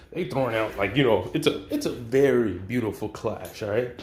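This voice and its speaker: Talking loosely and slangily, with plenty of fillers and curse words, a channel host runs through a fan what-if story. His medium-pitched voice shows vocal fry and a darkish tone, and the roomy recording carries a little hiss or hum.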